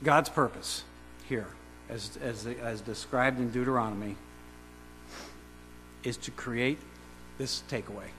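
A man preaching a sermon who fires rhetorical questions at the congregation and swings between quiet asides and loud, emphatic declarations. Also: medium pitch, takes it slowly, long pauses. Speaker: pastor. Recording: reverberant hall with faint mains hum.

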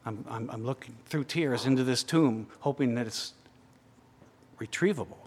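His medium-pitched voice carries a breathy edge, and the sound is that of a big room. This pastor alternates quiet, unhurried reflection with loud, urgent stretches, stacking repeated phrases into mounting lists.

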